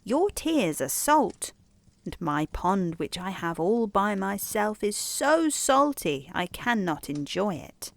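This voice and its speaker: A woman's voice: medium pitch, very animated, slow, vocal fry, no room sound, heavily acted. A woman voicing a fussy, self-pitying male frog in a bedtime story, fretful and then coaxing. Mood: lamenting.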